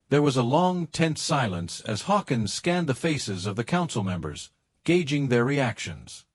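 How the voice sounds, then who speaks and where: A man reading a science fiction story as audiobook narration, in a dramatic, measured way. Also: mid-range voice, sing-song, no room sound, clean studio sound.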